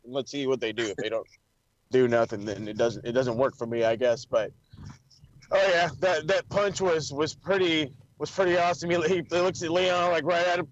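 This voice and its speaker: An excitable man trading wrestling talk on a podcast, cursing often and breaking into little acted-out quotes. His voice sits a bit high. The sound is dull and lo-fi. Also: brisk. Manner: profane, excitable, acts out quotes in funny voices. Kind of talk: casual chat.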